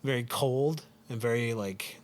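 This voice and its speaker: A man's voice: medium pitch, a little slow. A man co-hosting a podcast, casually retelling a film's plot with lots of "like" and "um". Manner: rambling, heavy use of "like" and "um". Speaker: podcast co-host.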